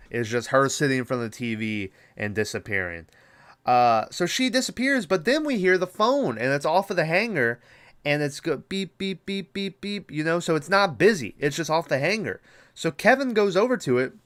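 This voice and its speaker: A man's voice: fairly high pitch, a bit bright. A man hosting a podcast, recapping a horror movie in a casual, rambling way with lots of swearing and fillers. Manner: rambling, profane, many fillers. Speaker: podcast host.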